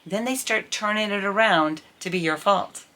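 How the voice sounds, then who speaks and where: A middle-aged woman talking candidly to camera in a casual vlog, telling an indignant, animated story about her life. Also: medium pitch, normal speed. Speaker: vlogger.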